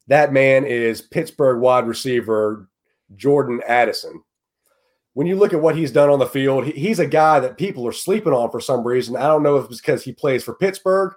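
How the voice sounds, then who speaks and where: A man's voice: medium pitch, darkish tone. Earnest man with a mid-range voice. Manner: earnest, repeats words while thinking. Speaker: podcast co-host, fantasy football analyst. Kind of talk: casual sports podcast chat.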